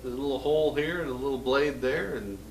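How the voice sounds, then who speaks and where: A man's voice: mid-range voice, vocal fry, a little hiss or hum. An American man hosting a casual gun show, joking and rambling in a self-mocking way. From United States. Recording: roomy echo from a distant mic.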